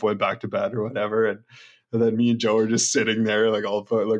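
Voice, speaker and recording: A man's voice: fairly low pitch, flat delivery, moderate pace. A young man on a podcast over a video call, telling laid-back, crude stories among friends. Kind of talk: casual storytelling.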